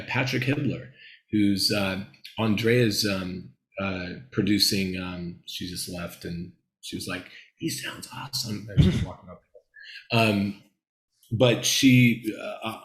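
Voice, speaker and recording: A man's voice: on the low side, echoey room, rough recording. A man from Los Angeles, a guest screenwriter, telling candid, rambling stories in an interview. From Los Angeles, USA. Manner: animated, rambling, laughs while telling stories.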